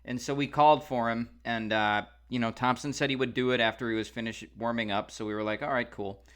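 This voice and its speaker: A man's voice: medium pitch, steady tone, quick pace, a bit bright, clear, resonant tone. A man co-hosting a podcast, telling a rambling casual story with lots of fillers. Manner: rambling, many fillers and restarts. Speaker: podcast co-host.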